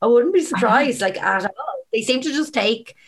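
A young woman co-hosting a podcast, reacting quickly and teasing her friend in casual chat. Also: fairly high pitch, lively intonation, husky. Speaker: podcast co-host.

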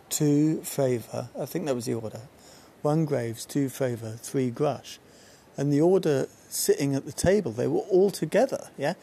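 Guy rambling thru his podcast on a balcony, kinda gravelly low warm voice, keeps going off on tangents. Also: a little hiss or hum. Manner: rambling, jumps between tangents. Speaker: podcast host. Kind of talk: casual solo commentary. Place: outdoor balcony.

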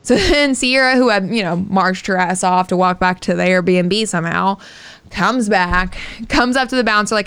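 A woman's voice: mid-range voice, moderate pace, fairly bright tone, smooth, dry recording. Candid young woman telling a story. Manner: candid, swears freely, fillers like "like". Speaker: podcast co-host. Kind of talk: casual storytelling chat.

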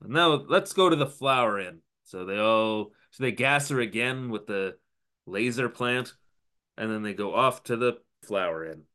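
A man's voice: lowish voice, animated, a little slow, bright, forceful tone. A man co-hosting a podcast, recapping a TV episode in a wry, rambling way. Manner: wry, dry, rambling narration. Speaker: podcast co-host.

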